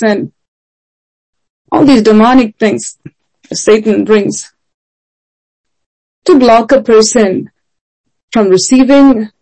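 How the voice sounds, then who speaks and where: A woman's voice: a little high, dark tone, poor audio. A woman preaching a sermon in an earnest, emphatic way, often asking rhetorical questions.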